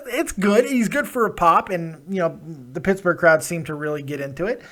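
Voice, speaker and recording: A man's voice: high-pitched, moderate pace, few pauses, a bit bright. A man hosting a live call-in wrestling review show, chatting casually with callers, emphatic and playful, swearing freely.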